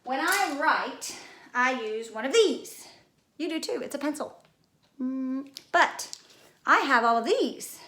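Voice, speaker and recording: A woman leads a spelling lesson for children, her voice sitting a little high as she builds little guessing games around everyday objects. The room around her is echoey. She talks in a patient, playful way. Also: expressive, takes it slowly, sharp tone. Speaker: teacher.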